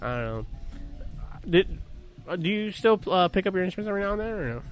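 A man's voice: sits high, animated, fast, soft background music. A man in his thirties in casual chat, telling profane, laughing stories as a podcast host.

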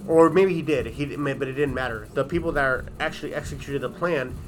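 A man's voice: mid-range voice, quick pace, a little hiss or hum. A man in casual chat, explaining a theory emphatically and swearing for stress.

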